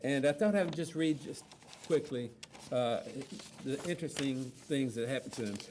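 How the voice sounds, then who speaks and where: A man moderating a panel, reading an account aloud in a steady, plainspoken way with frequent fillers. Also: mid-range voice, moderate pace, noisy background.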